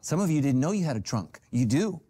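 A middle-aged male pastor preaching a sermon, telling stories with humor and sudden jumps in pitch. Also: very animated, brisk, dark tone, breathy edge. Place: church stage with a golf cart prop.

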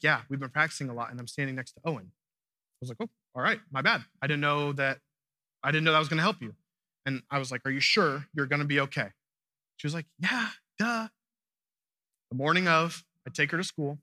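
Guy giving a sermon, chatty storyteller, bright tone, dry close sound. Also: medium pitch, no room sound. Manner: conversational storytelling, quoting family in voices. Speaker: pastor.

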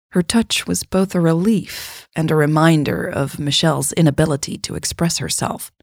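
A woman narrating a story in a measured, even reading. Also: sits low, creaky, husky, no echo, clean studio sound.

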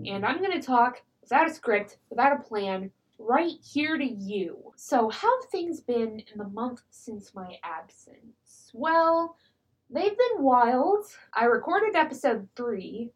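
A woman's voice: on the high side, sing-song, slow, low-quality recording. A woman hosting a podcast, talking without a script in a chatty, rambling storytelling way into a microphone. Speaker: podcast host. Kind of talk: unscripted casual podcast monologue.

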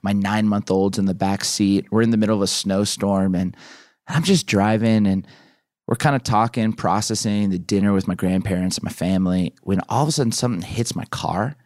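A man in his thirties, a pastor and author, guesting on a podcast and telling a personal story with lively acted-out bits. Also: fairly low pitch, fairly quick, no room sound, clean studio sound. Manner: animated storyteller who acts out his own past lines.

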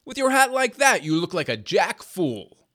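A man's voice: on the high side, very animated, normal speed. A man playing a bold old soldier rallying his band. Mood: rousing. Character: bold discharged male soldier, leader of six.

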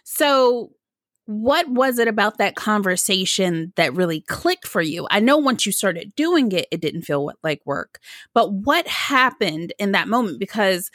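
A woman host with a bright, lively voice asks her guest reflective questions. Her pitch moves a lot, and she adds spiritual asides as she goes. The sound is dry and close. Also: measured pace, dry recording. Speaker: podcast host. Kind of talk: interview questions.

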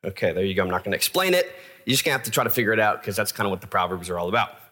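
A man's voice: lowish voice, animated, rapid-fire, pushed and bright. A man preaching a casual, self-deprecating sermon to his church, with fillers and asides. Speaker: pastor.

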